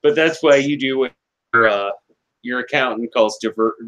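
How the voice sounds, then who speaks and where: Halting male guest of mid pitch. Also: fairly bright tone, dull audio. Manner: halting, stumbles over his words. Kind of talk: casual chat.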